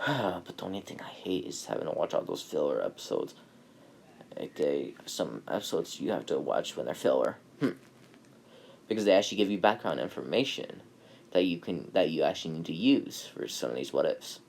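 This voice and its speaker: A man's voice: low voice, big pitch swings, moderate pace, creaky, a little mellow, slight background noise. A man who makes anime videos, telling a made-up story in a casual, rambling way, with many fillers and self-corrections.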